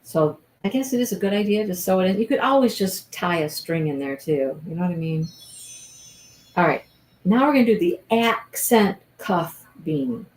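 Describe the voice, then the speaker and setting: A woman's voice: lowish voice, expressive, normal speed, a little mellow, slight background noise, rough recording. A woman hosting a casual crochet-along livestream, gushing over her work and thinking aloud as she follows along.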